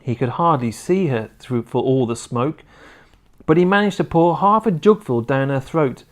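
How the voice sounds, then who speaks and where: A man reading a children's book aloud in an expressive storytelling manner. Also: medium pitch, normal speed.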